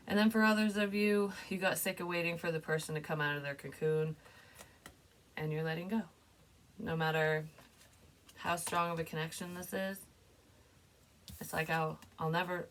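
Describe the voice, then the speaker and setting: Casual female psychic reader with a deep voice, laughs and swears freely, faint hiss behind her. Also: fairly bright tone. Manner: chatty and loose, laughs often, swears. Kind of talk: casual spoken psychic reading.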